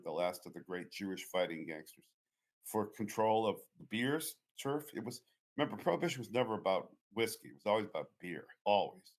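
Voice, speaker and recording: A man from the Boston area, a guest author telling long, digressive stories in an interview. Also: fairly low pitch. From Boston area, USA. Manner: anecdotal, digressive. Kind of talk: storytelling interview talk.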